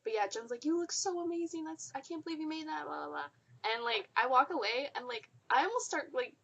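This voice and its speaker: A woman's voice: high-pitched, lively intonation, brisk, a bit bright, dull audio. A young woman co-hosting a podcast, chatting casually with friends and telling a convention story with lots of laughter. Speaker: podcast co-host. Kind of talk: casual group chat.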